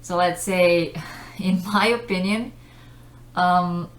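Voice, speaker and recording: Slow, patient woman teaching English. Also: fairly low pitch, steady tone. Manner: patient, explains with simple examples and frequent "okay?". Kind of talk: relaxed teaching explanation. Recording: roomy echoey room.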